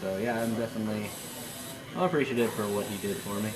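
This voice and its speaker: A man's voice: lowish voice, fast, a crowd in the background. A man working as a tattoo artist, chatting in a laid-back way and laughing often while he works on a live stream. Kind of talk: casual chat while tattooing. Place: tattoo shop.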